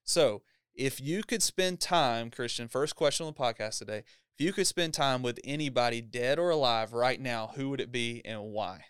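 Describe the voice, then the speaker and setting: A man's voice: medium pitch, moderate pace, few pauses, a bit bright, clean tone, no room sound, studio quality. A man hosting a church podcast, talking in an upbeat, casual interview style and laughing often.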